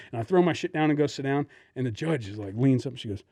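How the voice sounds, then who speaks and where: A man's voice: mid-range voice, animated, very fast, hardly any pauses, mellow, breathy edge, no room sound. Profane storytelling man, dry room. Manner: profane storytelling, acts out quotes. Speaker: podcast co-host and lawyer. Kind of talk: casual podcast chat.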